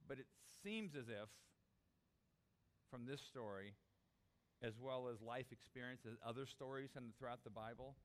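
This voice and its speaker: A man preaching a sermon, animated, acting out the disciples' desperate cries. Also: medium pitch, unhurried, long pauses. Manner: animated, acts out voices of the disciples. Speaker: pastor.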